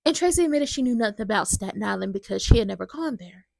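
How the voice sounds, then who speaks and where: Gravelly-voiced woman recapping soaps. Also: mid-range voice, fast, dry recording. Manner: chatty and animated, talks straight to viewers. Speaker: soap opera recap host. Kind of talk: casual soap opera recap commentary.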